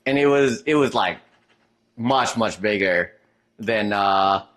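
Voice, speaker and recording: A man's voice: lowish voice, slow, a bit bright. A man streaming live, chatting casually and reading out chat messages, trailing off and restarting as he goes.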